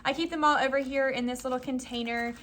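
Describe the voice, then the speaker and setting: A woman's voice: sits high, fairly even intonation, fast, slight background noise. A young woman who teaches first grade, walking through a classroom lesson in a casual vlog and acting out her teacher talk. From Florida. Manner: acts out classroom dialogue in a bright teacher voice; loose and chatty, with many fillers.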